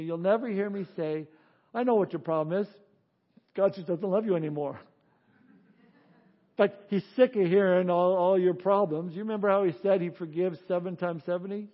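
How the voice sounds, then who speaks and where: A man's voice: high-pitched, dull audio. A man preaching an earnest sermon as a pastor, building to emphatic peaks.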